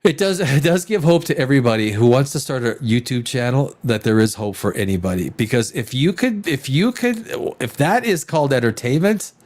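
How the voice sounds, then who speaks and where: A man's voice: mid-range voice, animated, fairly quick, hardly any pauses, darkish tone. A man hosting a live stream in casual chat, rambling and profane, with many restarts. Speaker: live show host.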